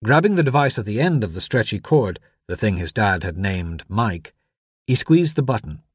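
A man reading an audiobook in steady, measured scripted narration. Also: on the low side, husky, no room sound.

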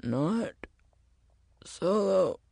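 A woman voicing a badly injured older man who speaks in a weak, strained rasp on the edge of silence. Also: on the low side, lively intonation, very slow, warm tone, no echo, studio quality, heavily acted. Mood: fading. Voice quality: strained rasp, near whisper. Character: dying older bearded man, rasping, weak.

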